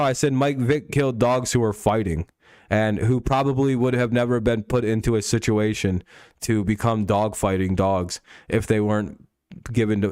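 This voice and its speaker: A man's voice: fairly low pitch, a little mellow, smooth, dry recording, clean studio sound. A young man hosting a casual talk stream, arguing heatedly with profanity and lots of repetition and restarts. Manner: argumentative, profane, repeats himself. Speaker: host.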